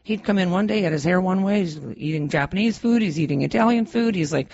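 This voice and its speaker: A woman's voice: lowish voice, fast talker, darkish tone, a little hiss or hum. A middle-aged woman, a guest on a community radio interview, chatting casually and telling rambling stories full of restarts. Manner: rambling storyteller with frequent restarts. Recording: dull lo-fi radio recording.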